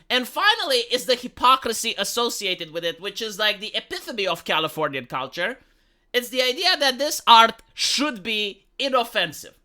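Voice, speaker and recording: A man's voice: high-pitched, pushed and bright, clean tone. A man giving heated opinion commentary, emphatic and swearing freely.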